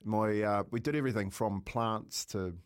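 A middle-aged man with a New Zealand accent, telling a lively story in casual radio chat and laughing as he goes. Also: lowish voice, moderate pace, clean tone. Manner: animated storyteller, laughs often, calls people mate.

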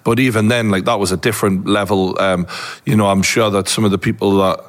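A man with a Geordie accent hosts a relaxed interview, mixing teasing jokes with earnest follow-up questions. His voice sits low. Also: a little fast. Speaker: podcast host, interviewer. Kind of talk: casual interview chat.

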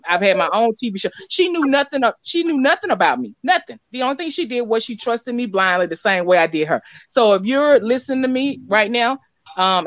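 A woman's voice: medium pitch, fairly bright tone, no room sound, dull audio. Rambling woman giving a heartfelt tribute. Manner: rambling, repeats words, many fillers. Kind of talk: casual heartfelt speech. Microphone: video call.

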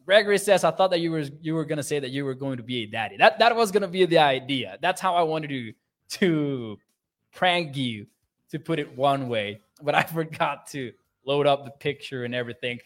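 A sports podcast host, a young man, runs a livestream and reads viewer comments aloud, upbeat and chatty, laughing often. His voice is slightly high, expressive, and a little fast.

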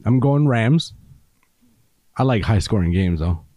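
A man's voice: lowish voice, expressive, measured pace, warm tone, no echo. A man joining a podcast chat, jokey and wisecracking. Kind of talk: casual chat.

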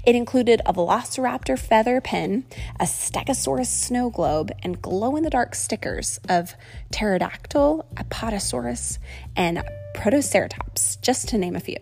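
Woman reading a kids' storybook, bouncy voice, a bit high. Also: moderate pace, breathy edge, faint music behind. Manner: animated, expressive. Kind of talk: children's story read aloud.

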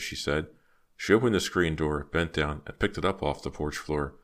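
A man reading a novel aloud as an audiobook narrator, telling the story in a steady, even way. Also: rumbling low, moderate pace. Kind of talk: scripted narration.

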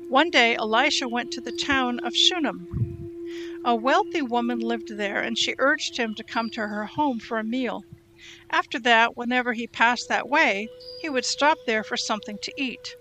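A woman reading Bible passages aloud in a steady, measured way. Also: on the high side, soft background music. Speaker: Bible reader. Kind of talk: scripted scripture reading.

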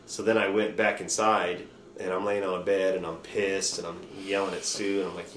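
Low-voiced man telling profane stories. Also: level tone, moderate pace, a bit bright. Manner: loose, profane, rambling retelling. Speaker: podcast host. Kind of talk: casual storytelling chat. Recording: roomy room with faint noise.

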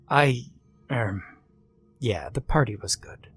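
A man narrates a creepy first-person horror tale, his pitch rising and falling with lively expression. He acts out the conversations as he goes. His voice sits close and dry, with no room sound. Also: a little slow, dry recording. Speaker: storyteller.

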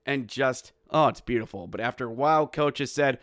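A man hosting a casual hockey recap, calling the plays and breaking into shouted goal calls, with jokey, self-mocking asides. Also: mid-range voice, normal speed, hardly any pauses, dry recording, clean studio sound. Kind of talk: casual game recap with play-by-play.

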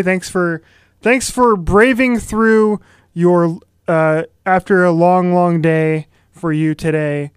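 A man hosting a casual podcast, talking fast and loose with jokes. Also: a little high, clear, resonant tone, no echo, studio quality. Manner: quick, loose and joking. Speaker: podcast host.

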